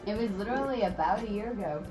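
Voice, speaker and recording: A woman's voice: medium pitch, expressive, fast talker, darkish tone, soft background music. A woman chatting casually and playfully on her husband's stream. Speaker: co-host, streamer's wife. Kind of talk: casual chat.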